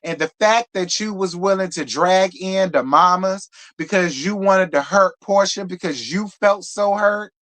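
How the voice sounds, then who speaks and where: The live recap comes in an unhurried medium-pitched voice, fairly bright and with hardly any pauses. This reality TV review host is blunt and sweary, repeats herself for emphasis, and calls her viewers "girl" and "y'all" while speaking directly to them.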